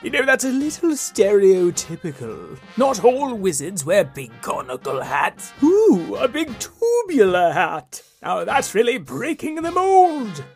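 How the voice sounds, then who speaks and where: A man's voice: sits high, wildly swooping pitch, a little slow, vocal fry, hardly any pauses, soft background music, heavily acted. Figure: Abacus, pompous eccentric wizard played by a man. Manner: grand, swooping. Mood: pompous, delighted. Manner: grand, theatrical, swooping delivery. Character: pompous male wizard, eccentric and self-important.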